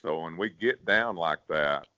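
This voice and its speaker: A man who sings bass, talking folksy and casual in an interview, often repeating words. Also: lively intonation, measured pace, pushed and bright, clear, resonant tone, no echo. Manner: folksy, repeats words, drops to a growl to demonstrate. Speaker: professional bass singer, guest. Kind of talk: casual interview, giving singing advice. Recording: dull, dry sound.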